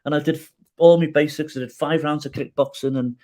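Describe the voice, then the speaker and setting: A man's voice: fairly high pitch, brisk. Middle-aged man telling his life story. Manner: animated, frequent restarts, self-deprecating jokes; gets emotional telling the story. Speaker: guest. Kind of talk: personal storytelling in a podcast interview.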